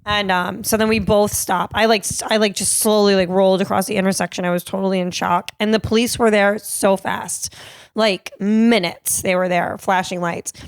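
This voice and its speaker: A woman from Cape Cod hosts her own podcast, spinning casual stories full of swearing and laughter. Her voice sits in the middle range, and the sound is dry and close to the mic with no room echo. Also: mid-range voice. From Cape Cod, Massachusetts. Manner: profane, laughing, animated storyteller. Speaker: podcast host and comedian. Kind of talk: casual storytelling.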